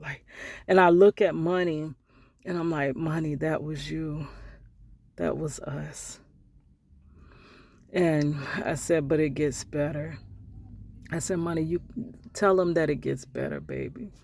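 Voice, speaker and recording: A middle-aged woman vlogger telling a personal story in a heartfelt, conversational way, sometimes dropping to hushed asides. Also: low voice, vocal fry, no echo, studio quality.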